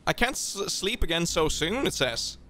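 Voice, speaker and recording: A man's voice: on the high side, sing-song, moderate pace, pushed and bright, slight background noise. A man playing a co-op survival game with a friend, joking around and laughing along. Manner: easygoing, jokey, laughs along. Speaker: co-op gaming partner. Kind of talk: casual co-op gameplay chat.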